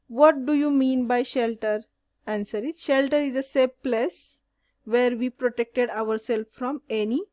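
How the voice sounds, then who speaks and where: Slow, dry-voiced woman teacher. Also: a little high, a little mellow, no echo. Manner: slow, deliberate question-and-answer reading. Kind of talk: reading out solved exercise answers.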